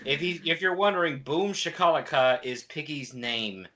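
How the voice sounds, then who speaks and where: A man recapping a book on a casual podcast and slipping in dry, jokey asides. His voice is a touch high and bright, with lively ups and downs in pitch. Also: normal speed. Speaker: podcast co-host. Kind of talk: casual book discussion chat.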